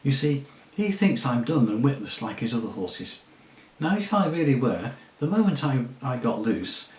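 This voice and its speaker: A proud talking war horse with a brisk, bossy edge and a scornful streak, as a man reads him out in a storybook. The voice sits at an ordinary male pitch and echoes a little in a roomy space. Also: a little mellow, lightly acted. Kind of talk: audiobook reading.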